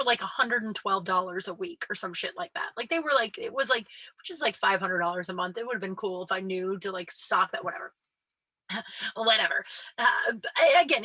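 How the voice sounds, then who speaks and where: Young woman host, rambling chatty storyteller, bright husky voice, dry close mic. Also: mid-range voice, dry recording, low-quality recording. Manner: chatty and rambling, lots of "like", acts out quoted voices. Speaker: podcast host. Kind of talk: casual storytelling monologue.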